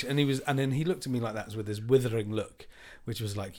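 A man telling an anecdote on a podcast, animated and acting out the lines of people in his story. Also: mid-range voice, fast talker. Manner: animated anecdote teller, acts out quotes. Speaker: podcast co-host. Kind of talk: casual chat, storytelling.

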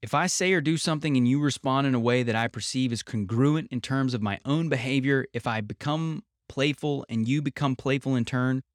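A man talks through ideas in a calm, measured podcast style. His voice sits at an ordinary middle pitch, recorded dry and close with no room sound around it. He speaks from home, steady and reflective. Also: dry recording. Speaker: podcast host. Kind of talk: explanatory podcast talk.

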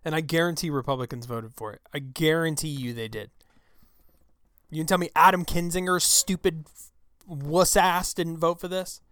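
A man's voice: on the high side, steady tone, normal speed, clear, resonant tone, no echo. Angry profane male show host. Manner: angry, profane, shouting outbursts. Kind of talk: political commentary rant. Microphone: close studio mic.

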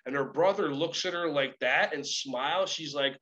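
High-voiced man telling animated stories. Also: brisk, few pauses, dull audio. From Israel. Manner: energetic, acts out both sides of conversations. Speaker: motivational speaker and coach. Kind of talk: animated storytelling talk.

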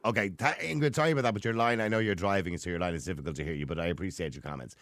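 A man hosting a call-in radio debate, moderating callers and cutting in briskly. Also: sits low, fairly bright tone, no echo, clean studio sound. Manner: brisk, interjecting. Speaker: radio talk show host.

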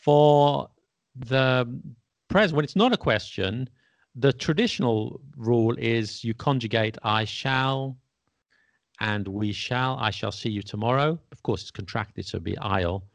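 Male podcast host, gravelly and dry, patiently explains grammar and checks understanding. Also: mid-range voice, unhurried, dry recording. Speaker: English teacher and podcast host.

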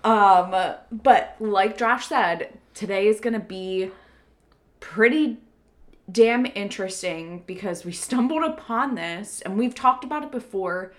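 Bubbly soft-spoken woman podcaster. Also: medium pitch, takes it slowly. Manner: bubbly and chatty, laughs easily. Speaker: podcast co-host. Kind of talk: casual chat. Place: home desk, sharing one mic. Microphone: single shared desk mic.

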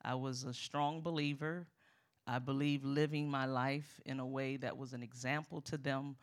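A middle-aged woman preaching a sermon as a guest speaker, lively and emphatic, calling out to the congregation. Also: extremely low pitch, moderate pace.

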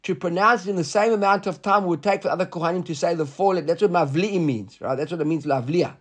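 Man with a fairly high voice, giving a Talmud lesson in a chatty, halting style. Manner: conversational, mixes Hebrew and Aramaic readings with English explanation; filler-heavy asides, halting restarts. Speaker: Talmud teacher. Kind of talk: Talmud class.

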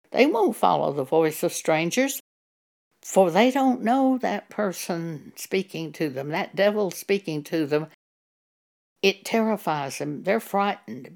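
Slow, gravelly older woman preaching. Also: mid-range voice. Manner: slow, measured testimony with drawn-out words. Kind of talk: sermon.

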